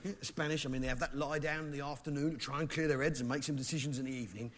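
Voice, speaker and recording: A man's voice: on the high side, fairly even intonation, racing. A man with an English accent doing stand-up comedy, blustering in a mock-patriotic pub manner and barking asides at the crowd. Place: theatre stage before a live audience. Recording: live show clip with loud audience noise.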